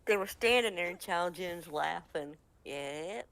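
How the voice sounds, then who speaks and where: A woman's voice: on the low side, moderate pace, vocal fry, a bit bright. A woman from the United States telling a funny gaming anecdote in casual chat, laughing often. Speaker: storyteller.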